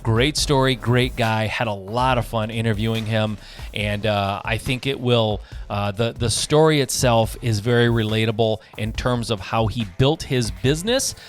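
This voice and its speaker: A man's voice: fairly low pitch, normal speed, faint music behind. A man hosting a podcast, introducing his guest in an upbeat, chatty way. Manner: upbeat, chatty, frequent fillers. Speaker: podcast host.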